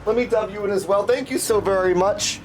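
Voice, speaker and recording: Chatty streamer man with a high voice. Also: a little fast, background noise. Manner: upbeat, greets viewers by name. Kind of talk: casual livestream chat. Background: game music.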